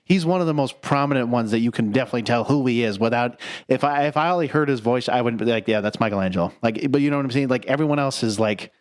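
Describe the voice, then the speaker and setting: A man's voice: mid-range voice, quick pace. A man hosting a casual podcast chat, rambling with lots of fillers and casual swearing. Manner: rambling, heavy with fillers like "like" and "you know". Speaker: podcast host.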